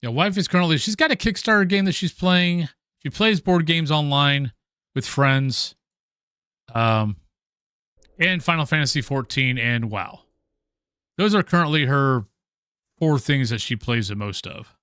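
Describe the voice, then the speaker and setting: Bright-voiced casual game streamer, a man. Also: on the high side, measured pace, pauses often, clear, resonant tone, no room sound. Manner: casual and chatty, swears loudly when startled. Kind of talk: gaming stream commentary.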